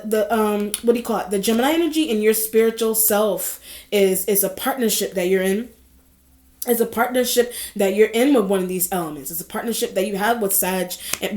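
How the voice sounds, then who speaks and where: A woman's voice: mid-range voice, darkish tone. A woman giving a casual tarot reading, rambling and repeating herself with frequent small laughs. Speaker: tarot reader. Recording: echoey room.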